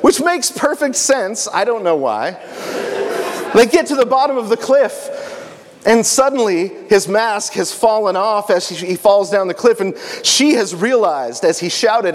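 A man with a fairly high voice retells a story with animation and jokes. He is speaking to a young audience. Long reverb from a large hall trails after his words.

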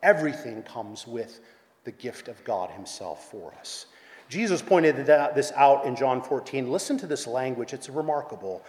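A man preaching a sermon, earnest, rising to loud emphasis and dropping to hushed tones. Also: mid-range voice, animated, moderate pace. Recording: echoey hall with long reverb.

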